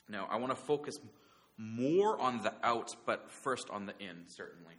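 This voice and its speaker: Man, sermon, earnest, stop-start phrasing, fairly low voice, bright tone. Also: animated. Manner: earnest, halting, many restarts, soft paraphrased quotes of God. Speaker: preacher.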